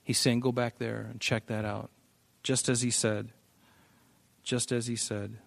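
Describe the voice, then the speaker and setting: Dry-voiced pastor teaching scripture. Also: male voice, medium pitch, flat delivery, measured pace, gravelly, no echo. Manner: emphatic, repeats words, varies loudness for stress. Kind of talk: expository Bible teaching.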